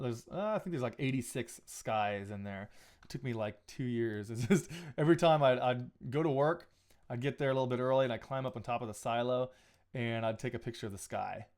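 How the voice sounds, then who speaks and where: A man's voice: mid-range voice, darkish tone. Rambling man editing photos on a live stream. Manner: rambling, thinking aloud with restarts. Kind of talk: casual live-stream talk while editing. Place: home photo studio.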